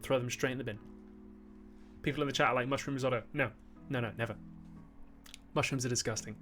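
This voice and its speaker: A man's voice: medium pitch, fairly even intonation, fast, pauses often, a bit bright, faint music behind. Rambling Geordie man on a livestream. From Newcastle, northern England. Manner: rambling, many fillers and restarts, bursts of mock outrage. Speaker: YouTube host on a livestream. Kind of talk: casual live-stream chat reading super chats.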